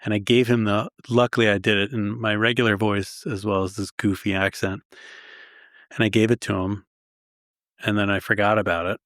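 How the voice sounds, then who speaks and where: A man from Long Island with a somewhat low voice, telling stories as a guest historian. He is enthusiastic and pokes fun at himself. The recording is dry and close to the mic. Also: flat delivery, normal speed, a bit bright, dry recording. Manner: self-deprecating, enthusiastic storyteller. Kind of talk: conversational storytelling.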